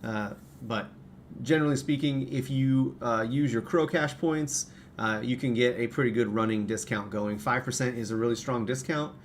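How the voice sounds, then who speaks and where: A man's voice: mid-range voice, moderate pace, a little hiss or hum. A man hosting his own livestream, talking casually and rambling with many fillers and restarts at his computer. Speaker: livestream host and parts maker.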